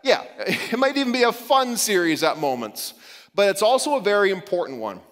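A man's voice: high-pitched, very animated, a little fast, fairly bright tone. A man preaching a sermon as a pastor, conversational, with light humor and frequent restarts. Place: church sanctuary. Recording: long reverb of a church hall.

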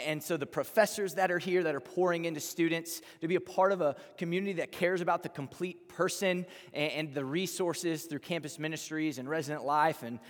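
A young man from Texas with a Texan accent, preaching a chatty, earnest sermon as a campus pastor, often restarting his phrases. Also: a little high. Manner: earnest and chatty, with many false starts and repeated words. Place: large hall. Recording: live hall with long reverb.

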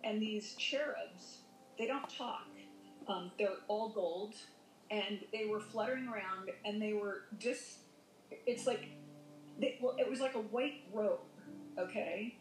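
A woman with a mid-range voice speaks slowly as a podcast guest, recounting a near-death experience of her own in a rambling way full of fillers and self-corrections. Faint music plays behind her, and the room sounds echoey.

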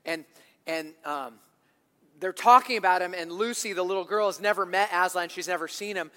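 A male pastor giving an animated sermon in a church, building to loud, emphatic bursts. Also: high voice, moderate pace, long reverb tail.

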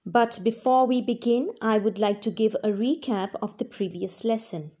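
A woman's voice: a little high, warm tone. A woman teacher reading a storybook aloud to language learners and explaining words along the way. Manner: slow and clearly spoken, explaining to learners. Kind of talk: reading a class reader aloud.

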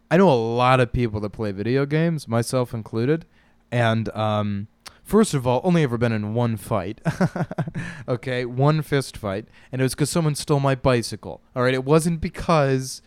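A man's voice: medium pitch, a little mellow, clear, resonant tone, dry recording. A man, a stand-up comic, hosting a casual comedic monologue, rambling and profane and often laughing at his own jokes. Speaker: podcast host and stand-up comic.

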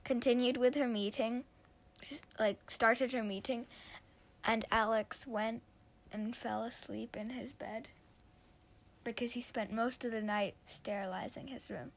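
A woman narrates a story casually, making it up as she goes. Her telling is loose and full of fillers and restarts. Her voice sits a little on the high side. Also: fairly even intonation, a little slow.

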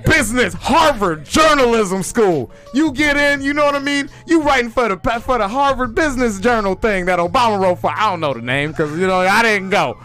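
High-voiced, ranting man. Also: brisk, few pauses, faint music behind. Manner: excitable, ranting, peppered with "you know what I'm saying". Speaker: podcast host. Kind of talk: comic ranting podcast chat.

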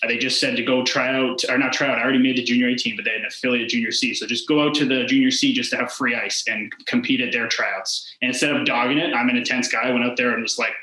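A man's voice: medium pitch, steady tone, fast talker, hardly any pauses, bright, forceful tone. A man in his twenties, a former hockey player, telling his story in a casual interview. He rambles and fills his talk with "like" and quoted back-and-forth. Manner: rambling, heavy use of "like" and quoted dialogue. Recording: echoey room.

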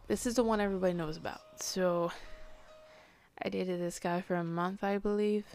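A woman's voice: medium pitch, steady tone, normal speed, clean tone. A teenage girl hosting her own podcast, talking hesitantly and tiredly late at night, often dropping to a near whisper. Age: teens. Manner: hesitant, soft-spoken, often trailing into a whisper. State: tired, yawning. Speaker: podcast host. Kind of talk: confessional late-night monologue.

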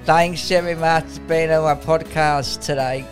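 A man hosting a podcast, asking slow, halting questions. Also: fairly high pitch, fairly even intonation, faint music behind. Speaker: podcast host. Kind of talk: interview questions.

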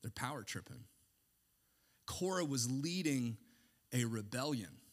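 A man preaching a sermon, animated and sarcastic, swinging between hushed asides and shouted points. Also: medium pitch, unhurried.

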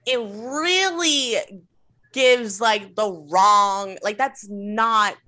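A woman's voice: a little high, very slow, pushed and bright. A woman co-hosting a podcast from home, chatting casually and animatedly, with lots of fillers. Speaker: podcast co-host. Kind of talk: casual chat.

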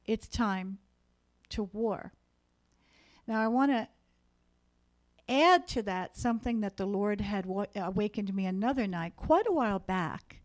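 A woman's voice: fairly high pitch, a little mellow. Earnest woman preaching to a congregation. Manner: earnest, exhorting, speaks to the room. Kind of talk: sermon. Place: church meeting room.

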